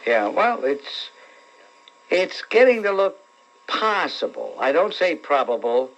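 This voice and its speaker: A man with a New York accent hosts call-in talk radio, blunt and scolding toward his callers. His voice sits a bit high for a man. The sound is a dull, lo-fi radio broadcast. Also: sing-song, slow, fairly bright tone.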